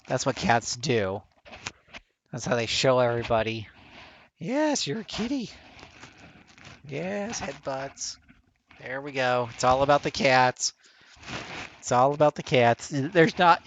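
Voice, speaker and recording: A man giving chatty live gameplay commentary as a streamer, talking straight to his viewers and jumping into high playful tones. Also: a bit bright. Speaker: game streamer.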